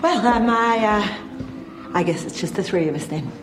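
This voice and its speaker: A woman's voice: medium pitch, lively intonation, measured pace, background noise, lightly acted. An actress playing a flustered woman who poses as a farm author and hurries to keep the story straight. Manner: flustered, talking over herself, bossy under pressure.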